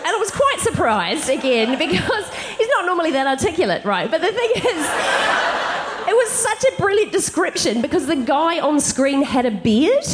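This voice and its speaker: A woman comedian telling funny stories on stage, giggling and animated as she talks to a live audience. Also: sits high, moderate pace, a crowd in the background. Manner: giggly, animated, laughs through lines. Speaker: comedian, co-host. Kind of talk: live stand-up storytelling.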